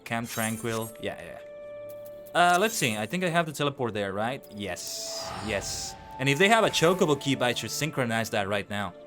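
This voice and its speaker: A man's voice: mid-range voice, big pitch swings, normal speed. Chatty man streaming a game. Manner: chatty, stumbles over words. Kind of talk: casual gameplay commentary. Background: game music.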